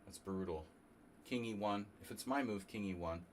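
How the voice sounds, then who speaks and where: A man from New Jersey streaming a chess simul, thinking aloud in a halting, casual way and coughing now and then. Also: fairly low pitch, a little hiss or hum. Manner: halting, muttering through chess moves with fillers.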